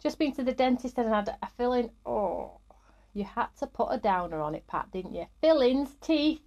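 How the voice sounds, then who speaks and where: A woman's voice: fairly high pitch, lively intonation, moderate pace, darkish tone, muffled recording. A woman, middle-aged, hosting a live craft stream in an upbeat, chatty way and greeting viewers by name.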